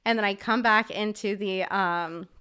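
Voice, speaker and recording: A woman's voice: mid-range voice, steady tone, measured pace, pushed and bright, smooth. A woman guest on a podcast telling a story in a casual, chatty way, filling her talk with "like" and swearing freely. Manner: chatty, filler-heavy with frequent "like", swears freely.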